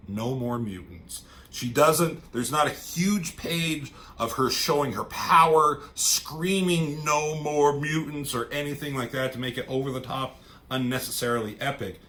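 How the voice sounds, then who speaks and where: A man casually reviewing a comic book storyline, rambling and excited, with casual swearing. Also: medium pitch, moderate pace. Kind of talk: casual chat.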